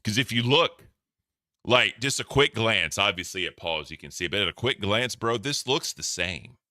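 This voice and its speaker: Low-voiced, excitable streamer man. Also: moderate pace, no echo, clean studio sound. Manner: profane, laughing, talks to chat. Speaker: streamer reacting to clips. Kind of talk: casual reaction commentary.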